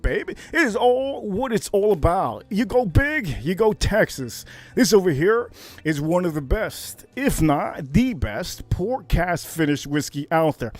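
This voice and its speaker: A man from Miami hosting a casual whiskey livestream, brash and hyped, jumping to high shouts on catchphrases. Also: no echo. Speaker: livestream host reviewing whiskey.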